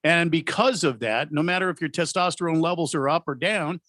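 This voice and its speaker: A man co-hosting a talk radio show in a studio, agreeing and explaining haltingly with fillers. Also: a little high, fairly bright tone, no room sound. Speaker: radio co-host. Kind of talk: sports talk radio chat.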